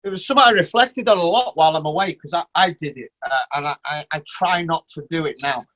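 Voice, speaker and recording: A man's voice: a little high, quick pace, sharp tone, poor audio. A man with an English accent hosting a podcast, musing in casual chat with tag questions. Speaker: podcast host.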